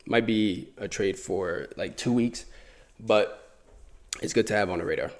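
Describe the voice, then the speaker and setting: Low-voiced man casually walking through charts. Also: measured pace. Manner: relaxed, conversational, thinks aloud with repeats. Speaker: forex trading YouTuber.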